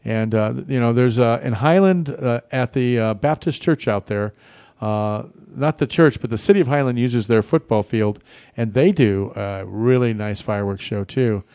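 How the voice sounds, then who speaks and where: A man's voice: mid-range voice, normal speed, mellow, no room sound. A man hosting a casual local radio talk show, rambling and friendly with many fillers and restarts. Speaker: radio host. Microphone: studio mic.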